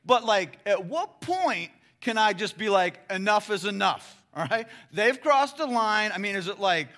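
An everyday believer rambles out his questions, full of "like" and "right", as a preacher acts him out. The voice is bright, forceful and lifted in pitch. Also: animated, measured pace, heavily acted. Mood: exasperated. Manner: rambling, filler-heavy questioning. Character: ordinary male believer asking about forgiveness.

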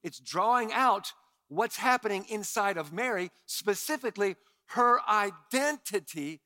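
A middle-aged man preaching a sermon as pastor, acting out quoted lines with big swings in loudness. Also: high voice, expressive, a little slow, no room sound, studio quality.

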